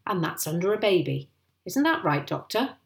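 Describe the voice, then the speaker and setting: A woman's voice: on the low side, very animated, normal speed. A woman reading aloud and voicing a proud, sly father who talks in a conspiratorial, pleased way. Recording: roomy echo.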